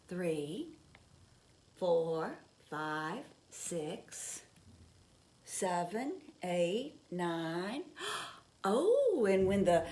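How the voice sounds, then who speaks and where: Expressive woman telling a children's story. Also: fairly low pitch. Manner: expressive storytelling, drops to soft whispers for effect; gentle, speaks to young children with questions. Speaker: children's story leader at church. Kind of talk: reading a children's story and sermon. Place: church.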